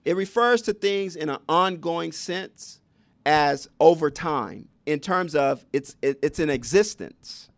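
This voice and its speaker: A man's voice: fairly high pitch, takes it slowly, gravelly, dry recording. A man giving a public lecture on education, teaching conversationally and asking the audience rhetorical questions. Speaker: education speaker.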